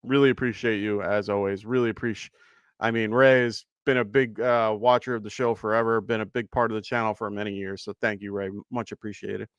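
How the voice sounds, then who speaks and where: A man hosting a live fantasy football stream, chatty and quick to laugh as he thanks viewers. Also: lowish voice, fairly even intonation, smooth, no echo. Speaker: fantasy football show host. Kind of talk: live-stream casual chat.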